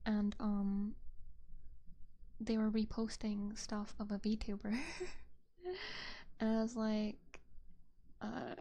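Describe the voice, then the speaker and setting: Whispering young woman streamer, gravelly. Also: fairly high pitch, little pitch movement, a little slow, long pauses. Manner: soft, rambling, with frequent fillers and light laughs. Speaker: VTuber ASMR streamer. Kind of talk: whispered casual chat. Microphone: binaural dummy-head mic.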